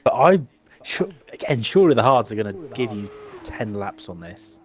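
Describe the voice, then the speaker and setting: A man's voice: lowish voice, sing-song, normal speed. A British man co-commentating a sim race, chatty and tripping over his words. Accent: British English.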